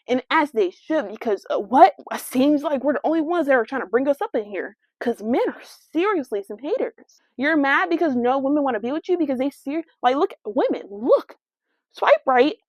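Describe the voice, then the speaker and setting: Brash young woman podcast host, fairly high voice, dry dull lo-fi sound. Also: no room sound. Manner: brash, sassy, slangy and animated. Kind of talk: casual solo podcast rant.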